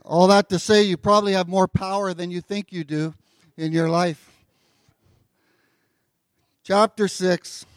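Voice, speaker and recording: A pastor giving a sermon in a relaxed, conversational way, with filler words and joking asides, as he reads and explains scripture. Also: high-pitched, a little slow, pauses often, smooth, no echo, clean studio sound.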